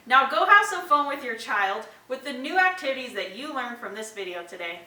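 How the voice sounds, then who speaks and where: Bright-voiced woman explaining literacy activities. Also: sits high, expressive, a little fast, distant mic. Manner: clear, step-by-step explaining with spoken examples. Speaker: teacher presenting to parents. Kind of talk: instructional video. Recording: echoey room, voice a bit off-mic.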